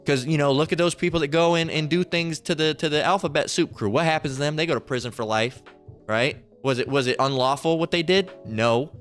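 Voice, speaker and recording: Street preacher, male, a touch high-pitched, heated and profane, peppers every point with "all right?". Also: brisk, fairly bright tone, faint music behind. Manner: blunt and profane, keeps asking "all right?". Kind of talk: heated religious commentary.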